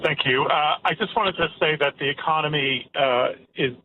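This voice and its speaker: A man's voice: on the high side, moderate pace. A married man calling in to a radio show, plain-spoken and frustrated. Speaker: caller. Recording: tinny phone line with faint noise.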